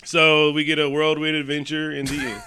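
A man co-hosting a casual movie review chat, retelling scenes in animated quoted voices. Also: on the high side, moderate pace, smooth. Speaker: podcast co-host.

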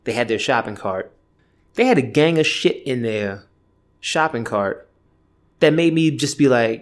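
A man's voice: medium pitch, normal speed. A man in his thirties hosting a podcast alone, telling a rambling, profane story in casual chat. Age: 30s. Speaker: podcast host. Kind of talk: casual solo rant.

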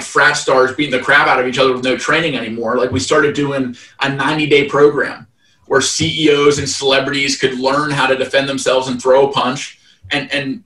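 A man's voice: mid-range voice, pushed and bright. A man in his thirties, a guest telling stories in a casual interview, rambling with lots of fillers and restarts. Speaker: guest, fight event promoter. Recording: roomy, distant mic.

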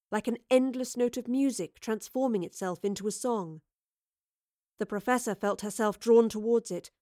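Woman reading a story aloud, slightly high voice, dry close sound. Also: dry recording. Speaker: narrator. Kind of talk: storybook narration.

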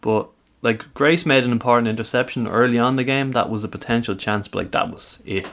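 A man's voice: medium pitch, a little fast, creaky, fairly bright tone. A man co-hosting a football podcast, his speech loose and filled with hesitations. He laughs easily and keeps the chat friendly and casual. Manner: chatty, laughs often, many fillers. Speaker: podcast co-host.

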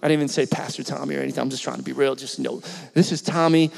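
A middle-aged man from Philadelphia, a pastor telling a story in his sermon, talking in a conversational, animated way and asking the congregation questions. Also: medium pitch, rapid-fire, creaky, big-room sound.

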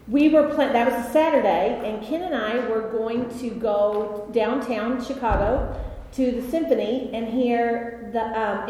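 A woman leading a Bible study lesson, telling a story in an animated, chatty way with many fillers. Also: on the high side. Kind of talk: conversational Bible study teaching. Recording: echoey hall with long reverb, faint noise.

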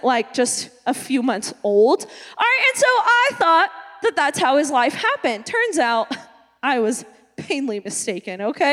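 A young woman pastor preaching a comedic, self-mocking sermon, animated and full of quick asides. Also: high-pitched. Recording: long hall reverb.

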